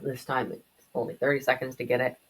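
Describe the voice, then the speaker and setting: Low-voiced woman joking through game lore. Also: little pitch movement, fast, husky. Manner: joking, chatty asides. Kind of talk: casual commentary.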